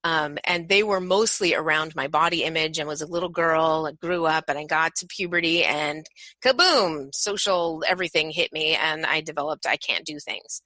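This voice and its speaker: Woman, parent coach, bright tone, dry close sound, animated storytelling. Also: deep voice, normal speed, dry recording, rough recording. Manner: animated, acts out playful parent voices. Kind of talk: podcast interview.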